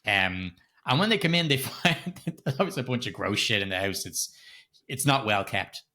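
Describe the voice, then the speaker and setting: A man's voice: lowish voice, expressive, moderate pace, bright, forceful tone. A middle-aged man co-hosting a podcast, recapping a film in casual, sweary, rambling chat with frequent chuckles. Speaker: podcast co-host.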